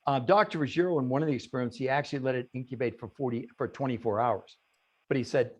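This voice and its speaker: A man's voice: mid-range voice, fast talker, lo-fi sound. A man giving an emphatic talk on a video call. He asks rhetorical questions and answers them himself. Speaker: guest speaker on a call. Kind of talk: animated presentation on a group call.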